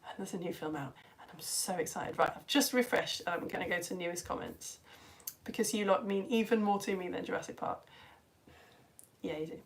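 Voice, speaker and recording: A woman and mother, chatting excitedly to her live-stream audience as she reads out their comments. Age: adult parent. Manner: excitable, chatty, with big swings in pitch and loudness. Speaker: live-stream educator reading chat comments.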